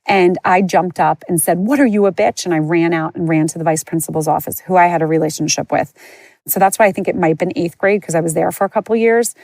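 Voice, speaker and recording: A woman hosting a podcast tells her own story in a candid, chatty way, with plenty of "like" and "you know." Her voice sits a little low. The recording is dry and close, with no room sound. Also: steady tone, fast, darkish tone, dry recording. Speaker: podcast host. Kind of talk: personal storytelling.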